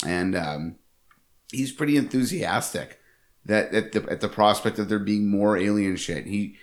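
A man co-hosting a casual movie podcast, rambling and amused, laughing often. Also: low-pitched. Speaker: podcast co-host.

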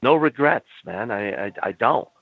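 A man's voice: medium pitch, animated, gravelly, slightly rough, no echo. An older man, a former wrestler, telling blunt stories in an interview, swearing and acting out both sides of old arguments. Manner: blunt, swears, acts out dialogue in quick back-and-forth. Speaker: guest, former pro wrestler. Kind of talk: candid storytelling in an interview. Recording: dry, phone-like audio.

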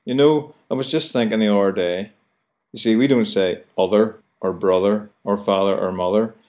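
A man's voice: on the low side, fairly even intonation, moderate pace, darkish tone. A man with a Belfast accent hosting a radio show, chatty and playful, mimicking local phrases. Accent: Belfast, Northern Ireland. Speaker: radio host.

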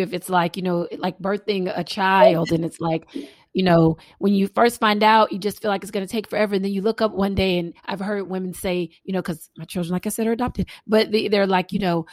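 A woman's voice: medium pitch, dry recording. A woman hosting an interview, chatty and filling her questions with "you know" and "like". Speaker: interviewer, host. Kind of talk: casual interview talk.

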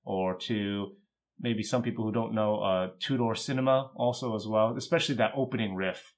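A man co-hosting a podcast, chatting casually about music in a relaxed way, with lots of filler words. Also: lowish voice, moderate pace. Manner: relaxed, thoughtful music commentary with many fillers. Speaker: podcast co-host. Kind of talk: casual chat.

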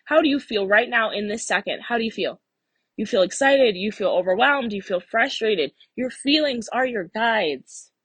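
A woman's voice: fairly high pitch, normal speed, slightly rough, dry recording. A young woman hosting her own podcast as a life coach, talking casually and animatedly, often acting out what listeners think. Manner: animated, acts out listeners' inner voices. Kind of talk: solo podcast talk.

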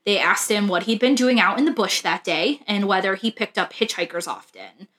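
A woman's voice: mid-range voice, lively intonation, normal speed, a bit bright. A woman hosting a true crime podcast, telling the case in a casual, chatty way with frequent "um" and "like" fillers. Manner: chatty, laughs often, fillers like "um" and "like".

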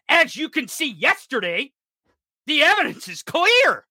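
A man in his thirties from rural America delivering a furious, profane political rant, often shouting. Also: very high voice, huge pitch swings, unhurried, no room sound, studio quality. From rural United States. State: enraged.

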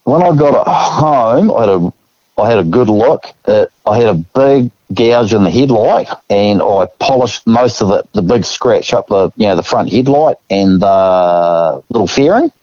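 A laid-back Australian man tells a story at an easy pace and acts out the people in it with a chuckle here and there. His voice sits low and mellow. The recording is dry and a bit muffled. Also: animated, a little slow, no echo. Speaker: guest. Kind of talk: casual storytelling.

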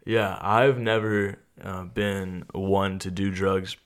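A young man chatting casually as a guest, rambling in a relaxed way and often tagging his sentences with "right?". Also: sits low, takes it slowly, clean tone. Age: young adult. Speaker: interviewee. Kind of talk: casual chat.

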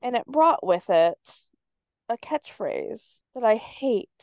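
A woman co-hosting a podcast in casual chat, quick to shoot down slang she dislikes. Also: fairly high pitch, expressive, no room sound, dull audio. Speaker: podcast co-host.

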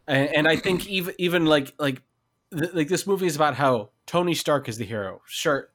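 A man's voice: on the high side, brisk, fairly bright tone. Chatty man debating a film. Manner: enthusiastic, restarts often, quotes lines. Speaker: podcast co-host. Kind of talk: casual film discussion.

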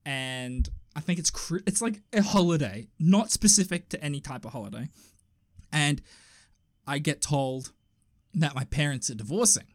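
A man's voice: fairly high pitch, normal speed. A man, a podcast co-host, telling a long story in casual chat and swearing freely. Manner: profane, animated storyteller.

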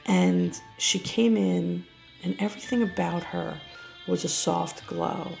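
Low gravelly woman telling a personal story. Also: steady tone, slow pace, faint music behind. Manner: gravelly, hushed, drops to a whisper at tense moments. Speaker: guest storyteller. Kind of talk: first-person story told on a podcast.

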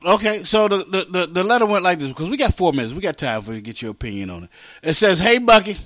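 A high-pitched man with a bright, forceful voice hosts a loose comedy radio show. He stammers through restarts and breaks into laughter often. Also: expressive, quick pace. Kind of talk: casual comedic radio chat.

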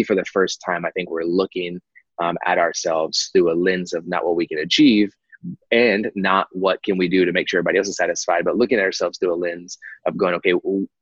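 A man's voice: sits low, slightly rough, no room sound, highs cut off. A man, candidly telling his life story as a guest, rambling with lots of fillers. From Texas. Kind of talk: personal story in conversation.

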